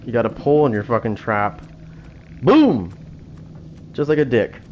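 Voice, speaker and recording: A man's voice: medium pitch, fast, dull audio, a little hiss or hum. A man streaming a game live, commentating with brash, foul-mouthed trash talk. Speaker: streamer playing a killer.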